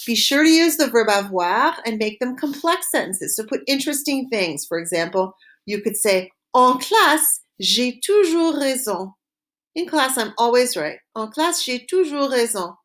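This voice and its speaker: A woman teaching a recorded French lesson, modeling phrases slowly and clearly for students to repeat. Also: on the high side, sing-song, a bit bright.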